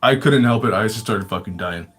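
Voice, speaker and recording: A man's voice: on the low side, brisk, a bit bright, breathy edge. A man telling stories in a casual livestream chat, rambling and swearing, with lots of filler words and frequent laughter. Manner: rambling and profane, many fillers; laughs often. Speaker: livestream storyteller.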